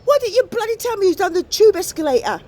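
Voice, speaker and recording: A woman putting on a loud young lad on the phone. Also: very high voice, very animated, quick pace, pitched above the performer's own voice. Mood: brash. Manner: loud, slangy. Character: cocky young man yelling into his phone.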